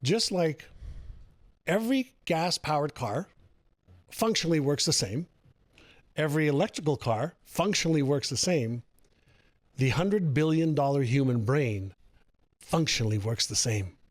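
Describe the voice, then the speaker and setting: A man guest on an interview show, telling a personal story in an animated way and repeating phrases for emphasis. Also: a little high, unhurried, long pauses, dry recording, clean studio sound. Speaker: guest author on personal growth.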